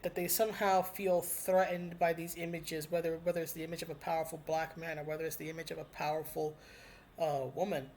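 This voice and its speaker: A solo video commentator speaks with heartfelt earnestness. The delivery rambles and stumbles, with repeated words, restarts and frequent fillers, at an ordinary middle pitch. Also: a little mellow, a little hiss or hum. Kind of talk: casual spoken commentary.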